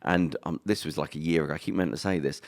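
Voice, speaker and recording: A man's voice: rumbling low, fast talker. A man co-hosting a podcast, telling a jokey anecdote and quoting people. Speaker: podcast co-host. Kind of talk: casual chat.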